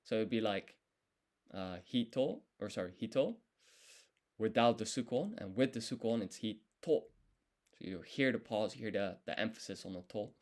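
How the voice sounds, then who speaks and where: A man studying on a live stream, thinking aloud and correcting himself as he works through each character in a relaxed, casual way. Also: fairly low pitch, moderate pace. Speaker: language learner streaming his study.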